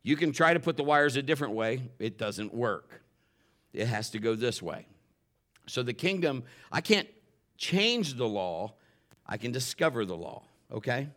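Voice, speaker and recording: A man preaching a sermon, often climbing louder and higher when he drives a point home. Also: big pitch swings, a little slow. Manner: impassioned, rises sharply in pitch and volume when stressing points; admits getting emotional while preaching. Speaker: pastor.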